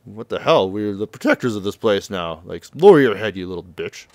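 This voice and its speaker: A man's voice: fairly low pitch, sing-song, fairly quick, a little mellow, dry recording. A man loosely paraphrasing a crude, bullying male thug who sneers insults in a game recap. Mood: sneering.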